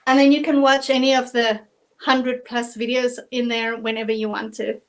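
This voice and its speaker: A woman's voice: on the high side, flat delivery, normal speed, poor audio. A woman from South Africa with a South African accent, chatting through a live acrylic painting tutorial step by step. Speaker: painting instructor.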